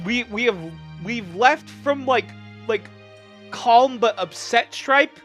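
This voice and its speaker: Soft music plays behind a streamer whose mid-range voice is a bit bright. Upset and exasperated, they unload passionately on chat while working to keep calm.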